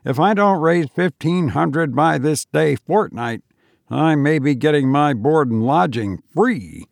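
Guy doing a smug sneery young schemer, pitched up high, slow and drawn out, gravelly edge. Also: animated, no room sound, clean studio sound. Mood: mocking. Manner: mocking, light, smug. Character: scheming broke young man, glib, sneering.

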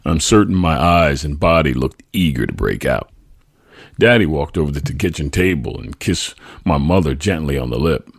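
A man reading his own memoir aloud as a podcast host, husky and tender. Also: very deep voice, lively intonation, moderate pace, no room sound, clean studio sound. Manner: tender, reflective storytelling.

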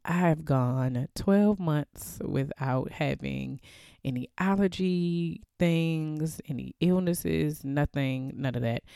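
A woman's voice: low voice, mellow, dry recording, studio quality. A woman podcast host, stuffed up from allergies, chatting casually and poking fun at herself. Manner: chatty and self-mocking, laughs at herself. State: congested from allergies.

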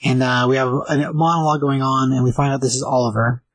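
A man casually recapping a comic book page by page, rambling with lots of fillers and slipping into quick voices for the characters. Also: mid-range voice, little pitch movement, dry recording, poor audio.

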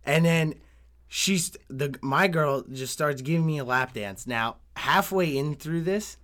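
A young man telling a story in casual chat, swearing often, laughing and getting animated. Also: on the high side, unhurried.

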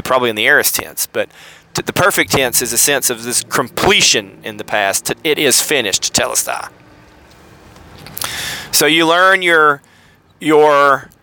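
A man's voice: mid-range voice, sharp tone, no room sound, low-quality recording. A man with a Southern accent hosting a podcast, explaining things in a casual, rambling way with many fillers and self-corrections. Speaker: podcast host. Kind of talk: casual teaching monologue.

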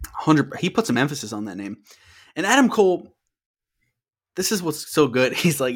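A young man co-hosting a casual wrestling podcast, swearing freely and getting excited as he talks over his co-host. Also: a little high, normal speed, pauses often, husky.

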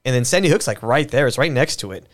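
A man's voice: medium pitch, animated, fast talker. A man hosting a podcast, talking in a loose, rambling way with restarts and fillers and plenty of swearing. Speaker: podcast host. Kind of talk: casual conversational commentary.

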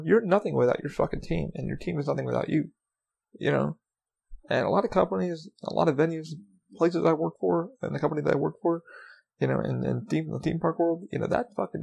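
Gravelly, fast-talking, profane podcast host man. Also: a little high, a little mellow. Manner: profane, rambling, heartfelt. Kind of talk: rambling solo podcast monologue.

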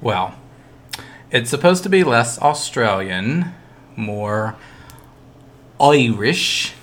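Slow-talking guy cohosting a podcast, relaxed and chuckly. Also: medium pitch. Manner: laid-back, laughs easily. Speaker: podcast co-host. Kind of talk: casual chat.

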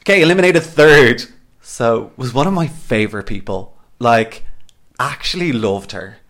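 A man's voice: mid-range voice, sing-song, normal speed, fairly bright tone. A man hosting a podcast in a casual, gossipy chat, peppered with "like" and the odd swear. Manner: chatty, heavy use of "like", swears freely. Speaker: podcast host.

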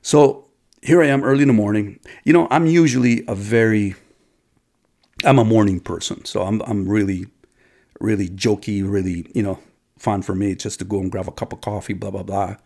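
A man's voice: on the low side, fairly even intonation, moderate pace, creaky, dark tone. A man telling a personal story to his viewers in a rambling, casual way, with many restarts and occasional swearing.

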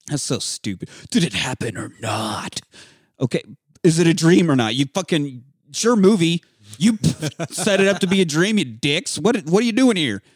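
A fairly high-voiced man retells a film scene by scene, swearing freely and leaping into loud voices for each character. His pitch swings wildly from line to line. The sound is dry and close, with no room around it. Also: moderate pace, slightly rough, no room sound. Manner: profane, animated, acts out characters in shouted voices. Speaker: podcast co-host. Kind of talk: casual movie recap chat.

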